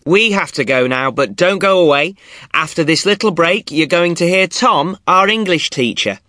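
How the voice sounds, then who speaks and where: A male podcast host presents in a scripted way with a dry, mock-weary humor. His voice is bright and expressive, recorded dry and close. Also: on the high side, normal speed, dry recording.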